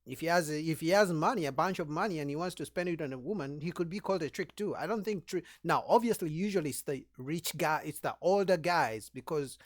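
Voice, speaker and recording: A man with a slightly high voice gives his point of view in a relaxed way on a debate panel. He works through examples as he talks. The sound is dry and close. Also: a little fast, few pauses, dry recording. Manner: casual, explains by giving examples, often agrees. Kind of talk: heated group debate.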